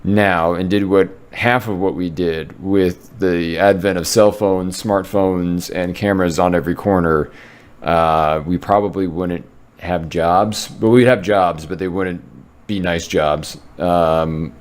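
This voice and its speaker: A man with a very low voice co-hosts a casual sports podcast. He rambles and corrects himself as he goes, with frequent filler ums. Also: steady tone, a little slow, clean tone. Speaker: podcast co-host.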